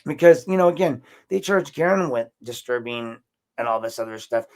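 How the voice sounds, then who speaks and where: Animated, emphatic man hosting a podcast. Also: medium pitch, moderate pace. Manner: animated, emphatic, with rambling restarts. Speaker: podcast host. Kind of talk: casual commentary monologue.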